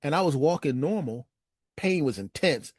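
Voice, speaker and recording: A man telling a personal story as a monologue, animated and acting out his friends' lines. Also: normal speed, slightly rough, dry recording, clean studio sound. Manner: animated, acts out friends' lines in raised pitch.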